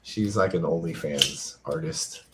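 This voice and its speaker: A man's voice: very deep voice, a little slow, noisy background. A man hosting a casual podcast chat, telling stories with lots of "like" and acting out the voices he quotes. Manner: animated storyteller who acts out quoted voices, many "like" fillers. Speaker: podcast host.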